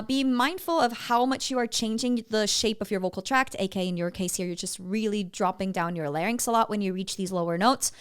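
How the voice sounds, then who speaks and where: A woman's voice: on the high side, clear, resonant tone. A woman vocal coach giving feedback on singing clips in a chatty way, breaking off to sing short demo phrases.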